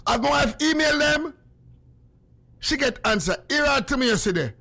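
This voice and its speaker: Jamaican man, radio host, high voice, very lively, excitable patois chat. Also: moderate pace, long pauses. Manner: excitable, talks in patois, exclaims.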